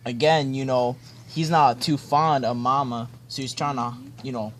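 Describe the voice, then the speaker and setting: A man's voice: mid-range voice, fairly even intonation, moderate pace, fairly bright tone, slight background noise. Laid-back slangy young man joking through a storybook. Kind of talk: comedic ad-libbed storybook reading. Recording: friends chatting and laughing nearby.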